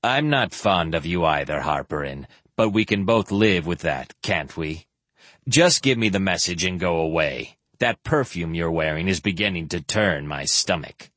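Uomo che fa un mercenario ubriaco e biascicante. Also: male voice, low-pitched, animated, moderate pace, a bit bright, no room sound, voice pushed down. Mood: sneering. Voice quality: slurred, mushy. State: drunk. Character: drunk, cynical male mercenary, low and sneering.

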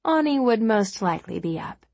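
A woman narrating a novel as an audiobook, in a steady, measured storytelling manner. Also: a little high, gravelly, no room sound. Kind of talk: scripted narration.

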